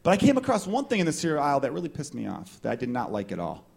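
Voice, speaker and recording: A man's voice: fairly high pitch, racing, vocal fry, slightly rough. Profane, riffing stand-up comic man. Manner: profane, riffing, animated delivery. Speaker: stand-up comedian. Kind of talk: stand-up comedy set. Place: live comedy show with small crowd.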